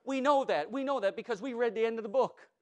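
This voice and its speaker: A high-voiced male pastor preaching a sermon with emphatic calls to the congregation. He stammers and repeats words as he builds, then sinks into soft, hushed reassurances. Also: fast talker.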